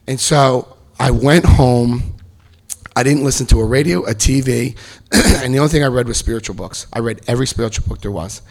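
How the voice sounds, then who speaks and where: A man's voice: medium pitch, normal speed. A middle-aged man telling his recovery story to an audience, acting out the voices of the people in it. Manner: animated storyteller acting out quotes. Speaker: speaker sharing recovery story. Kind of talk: personal testimony to an audience.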